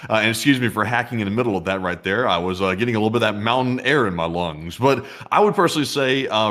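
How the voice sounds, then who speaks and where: A man co-hosting a casual news commentary show, reading out poll results and giving his view. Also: medium pitch. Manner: relaxed, chatty, reads poll results. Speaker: co-host.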